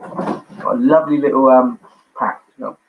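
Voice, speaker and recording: A man hosting a livestreamed pub quiz from home, chatty and jokey, reading out answers with quick asides. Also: mid-range voice, steady tone, background noise. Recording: dull lo-fi livestream audio.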